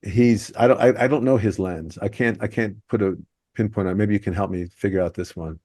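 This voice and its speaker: A man with a fairly low, mellow voice hosts a podcast, speaking briskly as he analyzes how jokes are constructed. The recording is clean studio sound with no room echo.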